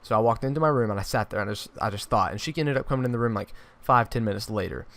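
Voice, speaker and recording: A young man, telling a true story for his vlog in an animated way, often restarting his sentences. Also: on the low side, rapid-fire. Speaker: YouTuber.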